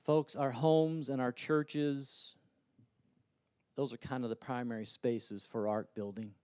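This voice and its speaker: A middle-aged man, a pastor, preaching a sermon in a church, swinging from loud, urgent appeals to quiet, conversational storytelling. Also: mid-range voice, fairly even intonation, slow, clean tone, no echo. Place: church sanctuary.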